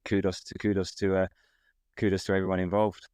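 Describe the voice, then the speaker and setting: A man's voice: low-pitched, level tone, brisk, smooth, dry recording, clean studio sound. A middle-aged man co-hosting a casual fan podcast, laughing often and restarting his sentences. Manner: warm, laughing, hesitant restarts. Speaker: podcast co-host.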